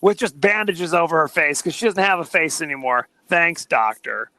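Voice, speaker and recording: A man's voice: a little high, brisk, pushed and bright, dry recording. A man co-hosting a podcast, casually chatting about a movie and retelling scenes with jokey mock quotes. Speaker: podcast co-host.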